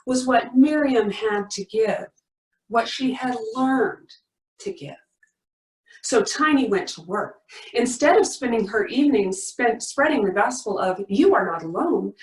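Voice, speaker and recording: A woman leading a worship service, reading a story aloud and then praying, in an earnest, gently emphatic way with repeated refrains. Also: on the high side. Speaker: worship leader. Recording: roomy sound from a distance.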